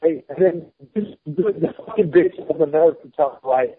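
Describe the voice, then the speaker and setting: A man's voice: on the high side, moderate pace, hardly any pauses, slightly rough. A man in his thirties telling a story in a casual chat, blunt, heated and swearing often. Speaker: podcast guest. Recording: phone-like lo-fi podcast audio.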